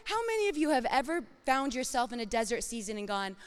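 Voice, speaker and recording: A woman preaching a sermon in an expressive, dramatic way, acting out inner voices and reading scripture. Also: a little high, fast talker, few pauses, smooth, in a large hall.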